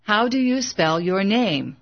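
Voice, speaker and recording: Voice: medium pitch, expressive, slow pace, pitched above the performer's own voice. A narrator reading the lines of an earnest young man in a plainly read audiobook. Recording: slightly dull lo-fi recording.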